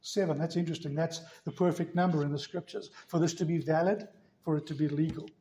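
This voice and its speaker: A man's voice: fairly high pitch, fairly even intonation, fast, warm tone. A man preaching a sermon as pastor, telling stories with emphatic, rising delivery. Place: church.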